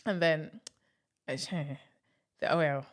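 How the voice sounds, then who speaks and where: Animated woman telling a story. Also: low-pitched, slow. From Africa. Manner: animated storyteller, acts out quotes, laughs often. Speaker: podcast co-host. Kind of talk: casual chat. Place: living in Switzerland.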